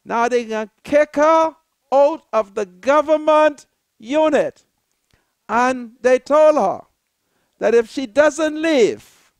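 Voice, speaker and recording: Slow, fiery Bahamian woman commentator. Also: sits high, animated, dry recording. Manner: slow, preacherly, rising to shouted appeals. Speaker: political commentator, show host. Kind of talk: impassioned political monologue.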